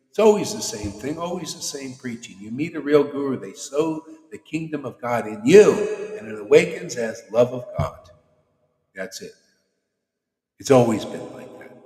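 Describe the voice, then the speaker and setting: A man's voice: a little high, a little mellow. A man as spiritual teacher, giving a casual, teasing devotional sermon to an online group.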